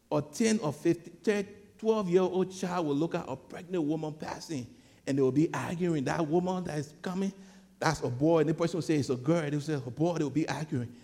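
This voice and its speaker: A man preaching a sermon, swinging between shouted peaks and hushed storytelling, often repeating words as he gathers his thoughts. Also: on the high side. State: sweating. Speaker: pastor. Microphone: clip-on mic.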